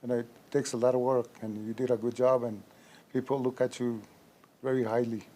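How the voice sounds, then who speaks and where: A man's voice: medium pitch, level tone, fairly quick, warm tone. A man, the mayor, giving brief ceremonial thanks in simple, repetitive phrases.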